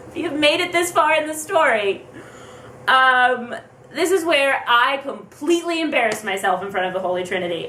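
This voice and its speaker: A young woman vlogger telling a story fast and excitedly, acting out her own thoughts as she goes. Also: sits high, slight background noise. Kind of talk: casual storytelling. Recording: roomy, distant from the mic.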